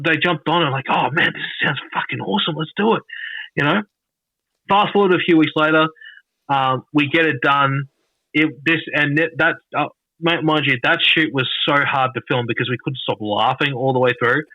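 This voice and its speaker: Australian man, guest, rambling storyteller; raised pitch, dry close audio. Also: sharp tone, no room sound. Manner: rambling, halting restarts, frequent swearing. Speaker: podcast guest. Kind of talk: casual storytelling. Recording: dull lo-fi dry sound.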